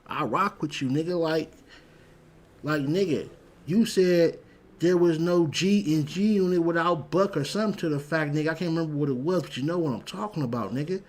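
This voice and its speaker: A man's voice: fairly high pitch, fairly quick, darkish tone. A man hosting a show, giving a blunt, heated, profane commentary rant full of repeated words. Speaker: show host.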